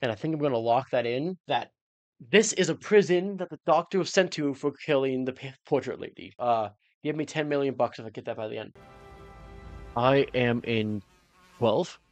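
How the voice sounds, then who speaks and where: Gravelly guy doing a jokey episode recap, rambly, jumps up high when hes excited, dry sound. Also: normal speed, dry recording. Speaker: reaction channel host. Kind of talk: casual episode recap and theorizing.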